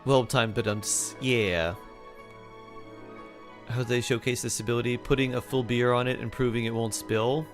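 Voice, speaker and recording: A man's voice: medium pitch, fairly even intonation, normal speed. A man streaming a game, chatting casually, reading chat aloud and humming between remarks. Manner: laid-back, hums and scats to himself while reading chat. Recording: faint music behind.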